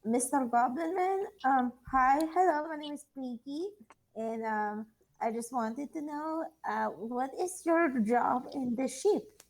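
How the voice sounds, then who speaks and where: A woman voicing a chirpy, eager-to-please female adventurer with a sweet, halting, childlike way of talking. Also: sits high, voice pushed up, poor audio. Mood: friendly.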